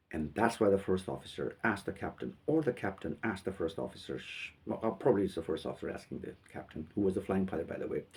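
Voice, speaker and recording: A man from Pakistan, giving halting commentary on a video and repeating words as he thinks. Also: sits low, warm tone, slightly rough, distant mic.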